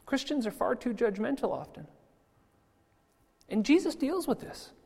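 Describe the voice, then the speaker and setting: A man preaching a sermon in a church, lively and quick to laugh at his own jokes. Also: very high voice, vocal fry, slightly rough. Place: church sanctuary. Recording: long church hall reverb.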